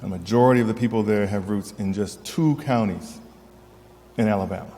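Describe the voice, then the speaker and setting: A man's voice: fairly low pitch, a little fast, warm tone. A man giving an earnest public talk to an audience, checking in with "right?" as he goes. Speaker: historian speaker. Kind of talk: public lecture. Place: event hall. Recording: long hall reverb.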